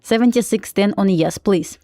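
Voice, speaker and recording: A woman's voice: medium pitch, moderate pace, dark tone, no echo. Female streamer with a Russian accent, loose and chatty, dry mic, light music bed. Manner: chatty, frequent laughs and "like" fillers. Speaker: live-streaming day trader. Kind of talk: casual live-stream chat.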